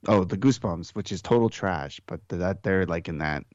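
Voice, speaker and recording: A man chatting casually on a podcast, an animated storyteller who acts out other people's voices. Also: low voice, fairly quick, dry recording. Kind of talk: casual chat. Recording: dull, dry sound.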